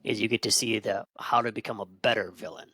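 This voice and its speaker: A man's voice: lowish voice, steady tone, a little fast, bright, forceful tone, a little hiss or hum. A man co-hosting a casual podcast chat who speaks in a tentative, hedging way. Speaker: podcast co-host.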